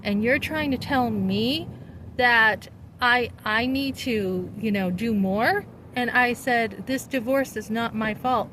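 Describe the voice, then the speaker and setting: A woman's voice: fairly high pitch, takes it slowly, a bit bright, a little hiss or hum, rough recording. A middle-aged woman in a casual vlog, telling a story in an indignant, rambling and emphatic way. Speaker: vlogger.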